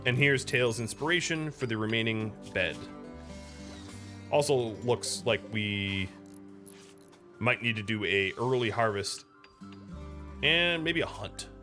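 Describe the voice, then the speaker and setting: Between game moves, a man from the United States gives chatty stream commentary, addressing his chat and his pet. He speaks at a measured pace with long pauses in a mid-range, bright, forceful voice, over faint background music.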